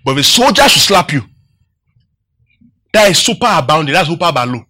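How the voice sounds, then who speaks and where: A male preacher teaching from scripture in a high, bright voice. He keeps quizzing the congregation and repeats key phrases to drive them home. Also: big pitch swings, fairly quick. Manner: asks the congregation questions, repeats phrases for emphasis. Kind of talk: Bible-teaching sermon.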